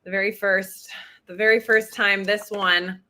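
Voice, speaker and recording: A woman's voice: medium pitch, flat delivery, measured pace, sharp tone. A woman in her thirties, a guest actress chatting enthusiastically in an interview, with lots of fillers. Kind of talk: casual interview chat.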